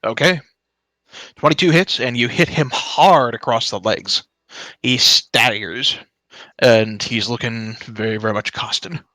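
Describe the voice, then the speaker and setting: A man's voice: medium pitch, a little slow, sharp tone, no room sound, rough recording. A man narrating a tabletop game as game master, in a loose, casual way with frequent fillers.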